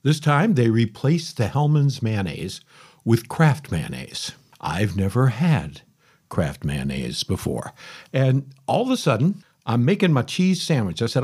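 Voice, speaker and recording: A man's voice: medium pitch, very animated, normal speed, darkish tone, breathy edge. A middle-aged man hosting a podcast, telling a rambling, folksy story in a casual monologue, often interrupting himself. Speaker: podcast host.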